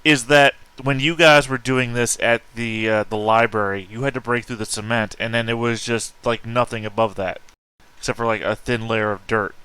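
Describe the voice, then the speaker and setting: Man, game player, bright smooth voice, argumentative. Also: mid-range voice, fairly even intonation, normal speed. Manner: argumentative, hesitant with fillers. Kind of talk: arguing rules in a tabletop game.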